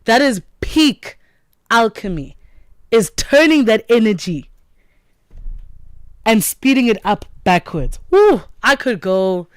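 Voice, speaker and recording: A woman's voice: on the high side, expressive, slow, long pauses, smooth, dry recording. A woman hosting a morning radio show, talking in an effusive, motivational way from the studio. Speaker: radio host.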